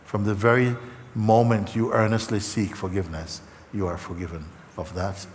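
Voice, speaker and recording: A man with a lowish voice gives a live spiritual talk, unhurried and halting, often pausing on fillers and repeating himself. His tone is earnest and tender. The sound carries a long hall reverb over faint background hiss. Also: level tone. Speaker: spiritual teacher. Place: large meeting hall.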